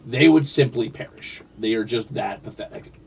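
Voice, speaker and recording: A man's voice: on the low side, moderate pace, gravelly, slightly rough, distant mic. A man streaming a game, rambling casually and chatting with his viewers. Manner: rambling, chatty, talks to his cats and chat. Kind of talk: casual livestream chat while playing.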